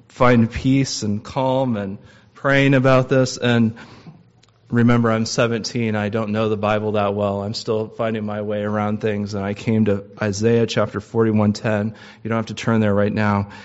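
A man's voice: on the low side, lo-fi sound. A man preaching a sermon, earnest and personal, rising to impassioned pleading when reading scripture aloud.

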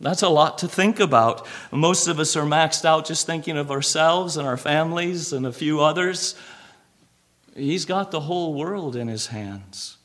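A man preaching a sermon, earnest and measured, who repeats phrases and drops to a hush on key words. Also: fairly high pitch. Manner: repeats and lists phrases for emphasis.

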